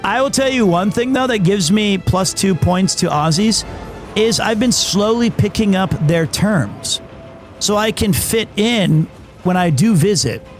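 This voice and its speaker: A man's voice: sits high, expressive, measured pace, faint music behind. A man streamer chatting casually on a livestream, rambling through an anecdote and acting out the quotes.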